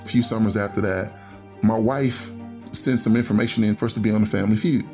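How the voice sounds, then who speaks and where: A man's voice: fairly low pitch, steady tone, fast talker, darkish tone, soft background music. A man in his forties telling his life story as a podcast guest, earnest and reflective, linking his thoughts with "and so". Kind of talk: personal storytelling.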